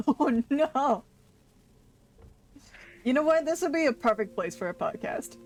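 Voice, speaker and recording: Giggly woman streamer, slow and lively. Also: high-pitched. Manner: laughs often, playful teasing. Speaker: Twitch streamer. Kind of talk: casual gaming stream chat.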